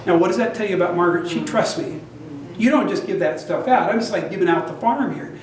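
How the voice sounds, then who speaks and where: An older man tells a personal story to a room full of listeners, chatty and quick to laugh at his own tale. His voice sits fairly high for a man. The recording is very echoey and picked up from a distance across the room. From United States. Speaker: guest speaker. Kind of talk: storytelling talk to an audience.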